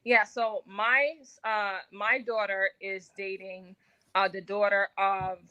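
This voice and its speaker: A woman's voice: mid-range voice, flat delivery, slow pace, lo-fi sound, noisy background. A woman giving a casual radio interview as an actress and guest, talkative with many filler words.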